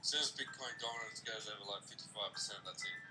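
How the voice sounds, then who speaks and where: A man's voice: fairly low pitch, fast, music in the background, poor audio. A man with an Australian accent, chatting casually on a livestream, rambling and laughing often. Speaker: co-host.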